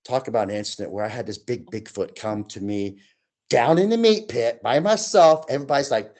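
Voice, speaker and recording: A man in his sixties, a guest telling his own stories in a casual chat, animated and acting out voices and sounds as he goes. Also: mid-range voice, fairly quick. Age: 60s.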